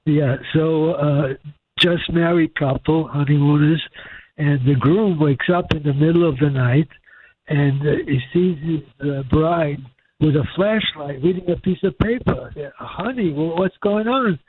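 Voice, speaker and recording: A man calling into a radio show and telling a joke in a steady, plain way. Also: on the high side, measured pace, breathy edge. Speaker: caller. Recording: thin phone line with faint hiss.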